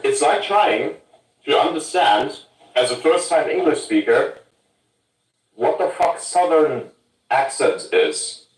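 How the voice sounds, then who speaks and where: A man's voice: a little high, sing-song, slow, long pauses. A man from Germany ranting bluntly and swearing in a casual podcast chat. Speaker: podcast host. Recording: roomy sound from a distance.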